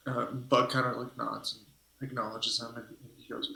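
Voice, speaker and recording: A man's voice: mid-range voice, level tone, unhurried, creaky, pauses often, pushed and bright. A man narrating a tabletop game as game master, rambling and hesitant as he thinks aloud. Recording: echoey room.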